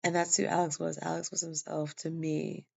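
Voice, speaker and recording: Sitting low with a level tone, her gravelly, darkish voice has a breathy edge and moves at normal speed. She's a tired, yawning vlogger sharing a personal testimony, rambling casually with lots of fillers and restarts, captured in dull lo-fi sound.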